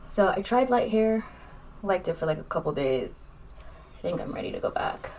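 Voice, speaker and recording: A woman's voice: fairly low pitch, expressive, normal speed, darkish tone, a little hiss or hum. A young woman chatting casually in a makeup vlog, rambling and candid, with lots of fillers as she talks. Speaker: vlogger.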